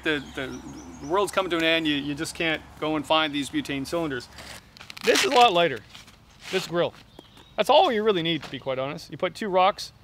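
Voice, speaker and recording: A middle-aged Canadian man reviewing camping gear outdoors at a campsite, making jokey deadpan asides between many fillers. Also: on the high side, a little hiss or hum. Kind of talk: joking gear review vlog.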